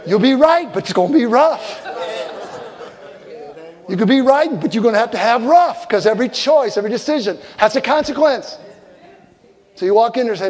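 An older man preaching a sermon as a pastor, telling stories with loud punchlines and soft asides. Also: extremely high pitch, expressive, brisk, pauses often. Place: church sanctuary. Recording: long hall reverb, faint crowd ambience.

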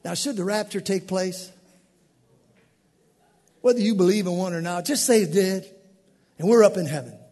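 A male pastor preaching a sermon in a church sanctuary, swinging from quiet asides to shouted bursts. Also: high-pitched, normal speed, long pauses, long reverb tail.

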